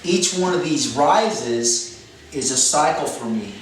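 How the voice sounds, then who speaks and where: In an echoey room with a distant mic and music in the background, a man with a mid-range voice and lively intonation speaks slowly. He's a fitness coach walking through a training method step by step, repeating key phrases and fixing his own wording along the way.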